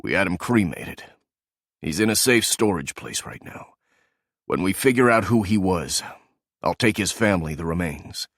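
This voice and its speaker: Narrator as a low, grim soldier, matter-of-fact. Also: male voice, animated, normal speed, a bit bright, no echo, clean studio sound.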